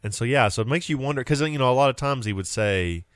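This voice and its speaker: A man co-hosting a podcast in casual chat, expressive and reading verses aloud. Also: medium pitch, fast, clear, resonant tone, no room sound, clean studio sound. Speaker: podcast co-host.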